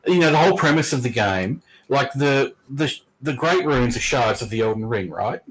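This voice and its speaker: A man's voice: medium pitch, expressive, moderate pace, low-quality recording. A man co-hosting a casual game chat, easygoing and thoughtful, often restarting his sentences.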